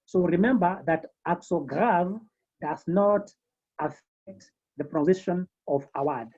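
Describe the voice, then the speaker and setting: A woman teaching a beginners' French class over a video call, slowly repeating each term several times. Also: fairly low pitch, a little mellow, husky, highs cut off. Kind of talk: online language lesson.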